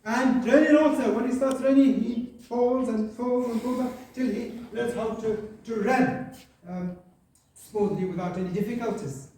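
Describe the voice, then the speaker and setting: A man's voice: extremely high pitch, dark tone, slight background noise. Male teacher, echoey distant room. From Algeria. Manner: halting, many fillers, checks in with "right?". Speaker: English teacher. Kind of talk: classroom lesson. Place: classroom. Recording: echoey classroom from far off.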